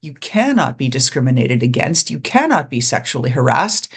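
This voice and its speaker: A host giving advice straight to the audience in an animated way, acting out the people they quote. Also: mid-range voice, normal speed, slightly rough. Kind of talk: advice talk to camera.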